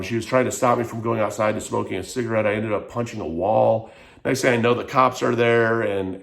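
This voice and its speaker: A man's voice: on the low side, vocal fry. A man frankly telling a personal story in a vlog, emotional and rambling, with lots of "like". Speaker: vlogger.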